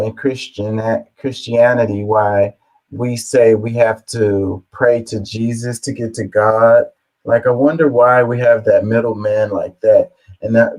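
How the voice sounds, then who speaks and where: A man's voice: on the low side, rough recording. A man hosting a reaction video, musing aloud in a rambling way with lots of fillers. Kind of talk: casual reaction commentary.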